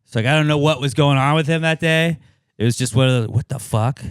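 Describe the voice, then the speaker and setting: A man in his thirties with a smooth, resonant voice rambles through a story on a podcast, swearing freely and leaning on filler words. The sound is dry and close, with no room around it. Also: a little high, quick pace, dry recording. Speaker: podcast co-host. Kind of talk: casual podcast chat.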